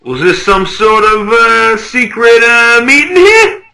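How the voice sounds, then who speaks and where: A man voicing a gruff, hot-tempered big man in a game, barking his complaints. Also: very high voice, sing-song, slow pace, bright, forceful tone, soft background music, voice pushed up, heavily acted. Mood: suspicious.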